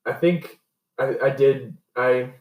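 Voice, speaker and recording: A man's voice: medium pitch, takes it slowly, a little mellow, recorded from a distance. Young man a bit off-mic in an echoey room. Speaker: podcast co-host. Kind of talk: casual chat.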